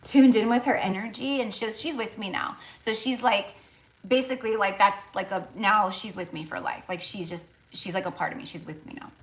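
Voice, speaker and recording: A woman's voice: mid-range voice, a little fast. A woman tarot reader talking casually on a live stream, rambling and emotional, with lots of fillers.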